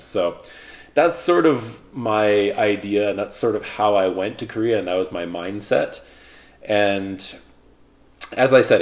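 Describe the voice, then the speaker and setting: A man in his thirties casually telling stories about his past, relaxed and rambling, with lots of fillers. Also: on the low side. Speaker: vlogger, pilot. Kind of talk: casual reflective storytelling.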